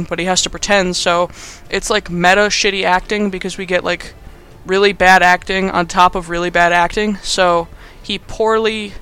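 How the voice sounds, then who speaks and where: Bright, sarcastic young man recapping a film. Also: high voice, clear, resonant tone. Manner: sarcastic, rambling, laughs while talking. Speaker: podcast host. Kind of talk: casual movie recap.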